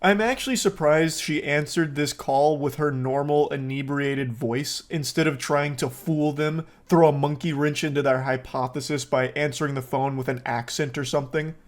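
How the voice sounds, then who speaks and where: A man's voice: on the high side, steady tone, moderate pace, few pauses. A man giving sarcastic, profane reaction commentary on a police video. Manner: sarcastic, profane, breaks into laughter.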